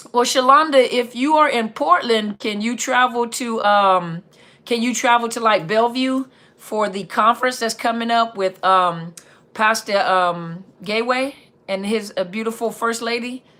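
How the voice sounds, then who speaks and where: A woman hosting a live Q&A stream, chatting casually and reading out viewer comments in an upbeat, chatty way. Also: sharp tone. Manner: upbeat, chatty, reads out viewer comments with quick pitch jumps.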